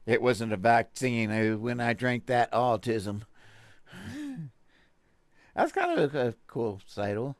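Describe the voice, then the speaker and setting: A man's voice: medium pitch, sing-song, measured pace, long pauses, no room sound. A man from Texas with a Texan accent, hosting a show and reading a news article aloud, with sarcastic asides and stumbling restarts. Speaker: podcast host.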